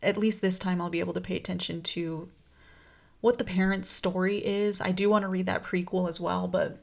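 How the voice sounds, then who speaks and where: A woman's voice: fairly low pitch, fairly even intonation, brisk, vocal fry, a little mellow. A young adult woman talking casually about a book series, rambling and heated, full of filler words. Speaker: book vlogger.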